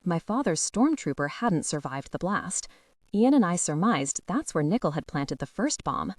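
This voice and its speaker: Low, expressive woman narrating an audiobook. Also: moderate pace, no room sound, clean studio sound. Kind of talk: first-person audiobook narration.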